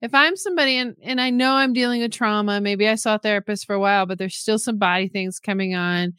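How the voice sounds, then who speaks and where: A woman's voice: medium pitch, fast talker, fairly bright tone, clean tone, no echo, studio quality. A woman interviewer asking reflective, affirming questions. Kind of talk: conversational interview.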